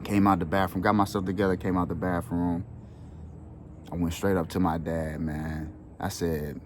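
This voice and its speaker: Earnest, low-pitched man for a heartfelt monologue, casual slang, light background hum. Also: flat delivery, moderate pace. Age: adult with children. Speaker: wellness channel host. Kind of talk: heartfelt personal storytelling.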